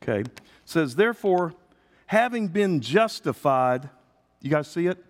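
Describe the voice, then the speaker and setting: High, lively middle-aged preacher man in a hall. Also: unhurried. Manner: call-and-response preaching, swings between quiet asides and loud emphatic peaks. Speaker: pastor. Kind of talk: sermon.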